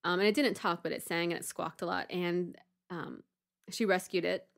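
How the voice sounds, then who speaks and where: Animated woman telling a story. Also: lowish voice, normal speed, vocal fry. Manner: animated, acts out panicked voices with laughter. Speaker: podcast co-host. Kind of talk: casual storytelling chat.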